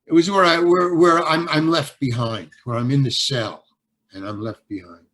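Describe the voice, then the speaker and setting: An older man, an actor and stand-up comedian, telling a story in an interview, halting and repeating words as he goes and acting out both sides of the dialogue. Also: on the high side, fairly even intonation, fairly bright tone.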